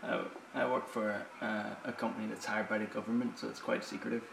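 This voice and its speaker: A man co-hosts a loose podcast chat, laughing often as he talks. His voice is gravelly, with a roomy echo around it. A faint hiss sits underneath. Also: fairly low pitch, little pitch movement, fairly quick. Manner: laughs often, self-described loud person. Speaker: podcast co-host. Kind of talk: casual chat. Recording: echoey room, faint hiss.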